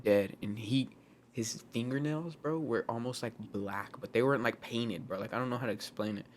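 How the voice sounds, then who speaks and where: A young man co-hosting a podcast, telling a story in a casual, animated way, swearing a lot and saying "bro" all the time. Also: medium pitch, normal speed, a little hiss or hum. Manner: animated, profane, says "bro" constantly. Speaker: podcast co-host.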